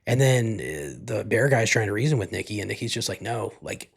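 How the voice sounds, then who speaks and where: Gravelly, husky man chatting loosely. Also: lowish voice, lively intonation, brisk. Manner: laid-back, rambling, leans heavily on "like" and swears freely. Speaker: podcast host. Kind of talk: casual solo podcast talk, recapping a movie.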